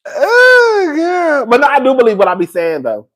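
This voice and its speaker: A man's voice: very high-pitched, huge pitch swings, moderate pace, a bit bright. A man hosting a casual gossip livestream, sassy and playfully dramatic, laughing often and calling everyone "girl" while he reads the chat. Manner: playfully dramatic, exaggerates for effect.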